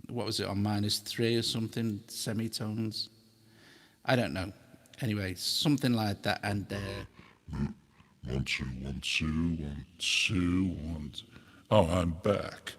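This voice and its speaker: A man hosting a casual demo of audio effects, his voice run through a harmonizer pitch effect, joking and rambling in a self-mocking way. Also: a bit bright. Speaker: host demonstrating audio effects.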